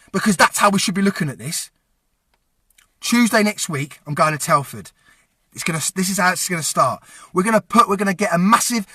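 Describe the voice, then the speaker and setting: A man's voice: high-pitched, pushed and bright, dry recording, studio quality. A young man giving an impassioned, angry, swearing rant straight to his viewers, calling them to act. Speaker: vlogger. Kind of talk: direct-to-camera rant.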